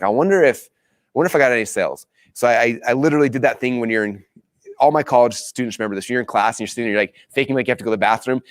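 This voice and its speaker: Fast-talking man telling a story. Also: dry recording. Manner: excited, re-enacts his own past lines with big pitch jumps. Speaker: course host. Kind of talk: animated storytelling.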